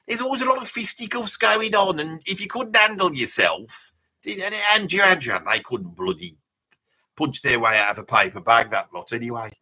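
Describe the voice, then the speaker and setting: A boastful Brummie bloke who rambles through name-dropping asides, his voice husky yet bright and slightly high, as a man puts him on. He chats loosely with his viewers in a thick Birmingham accent. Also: full character voice. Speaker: live stream host in character. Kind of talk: in-character live reaction chat.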